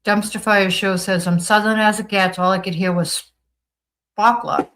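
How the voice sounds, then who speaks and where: A woman's voice: medium pitch, fairly even intonation, normal speed, a bit bright, rough recording. Woman, Boston accent, livestream host, casual chat, reads comments aloud, upbeat and gushing. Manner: reads viewer comments aloud and responds chattily.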